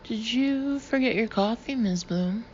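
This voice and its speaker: A man's voice: very high-pitched, a little slow, darkish tone, dull audio, a little hiss or hum. A woman voicing a courteous West Indian driver with a lilt. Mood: polite. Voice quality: lilting.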